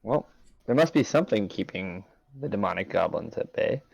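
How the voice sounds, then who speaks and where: A man at a tabletop game wryly narrates his character's actions in a low, gravelly voice. The sound is dry, with no room echo. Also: animated, normal speed, highs cut off. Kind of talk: in-character roleplay chat.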